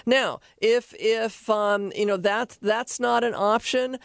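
A woman hosting a radio talk show, giving animated, rambling dog behavior advice from a studio. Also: a little high, slow pace, creaky, smooth, no echo.

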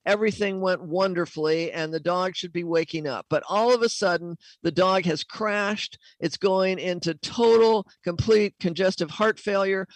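A woman's voice: medium pitch, no room sound, lightly acted, poor audio. A woman quoting a panicked male veterinarian, frantic and pleading, in her story.

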